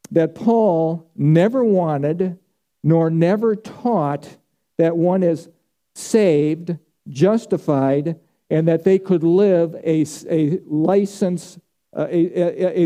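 High-voiced, mellow male pastor preaching. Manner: emphatic, repeats key phrases. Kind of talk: sermon.

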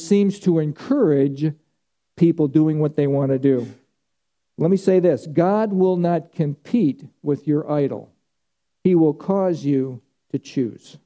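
A man's voice: fairly high pitch, mellow. A man preaching a sermon, stressing key words by drawing them out and repeating phrases for emphasis. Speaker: pastor.

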